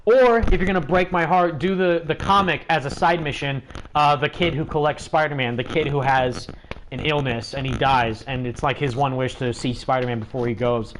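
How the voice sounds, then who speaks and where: A man's voice: medium pitch, steady tone, normal speed, slight background noise. A man hosting a gaming livestream, talking in a chatty, rambling way with lots of fillers. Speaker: livestream host.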